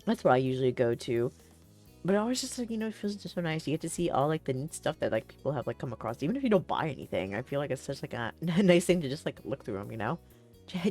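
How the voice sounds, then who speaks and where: A woman's voice: very deep voice, darkish tone. A young woman streaming a game, chatting casually and reading the story aloud, rambling with many fillers and frequent laughs.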